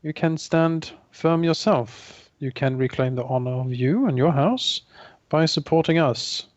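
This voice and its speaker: A man's voice: on the high side, unhurried, no room sound, highs cut off. Earnest man role-playing a persuader. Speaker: player. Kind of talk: in-character tabletop role-play.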